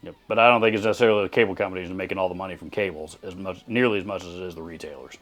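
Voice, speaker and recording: A man's voice: low voice, very fast, few pauses, fairly bright tone, faint music behind. A man from Texas hosting a channel, answering viewer comments in blunt, sarcastic casual commentary with many restarts.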